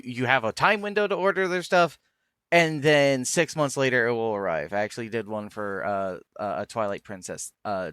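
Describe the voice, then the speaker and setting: A man's voice: mid-range voice, clear, resonant tone, dry recording. A man hosting a live stream, chatting enthusiastically and often restarting his sentences. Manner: relaxed, enthusiastic, stumbles and restarts. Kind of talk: casual chat on a live stream.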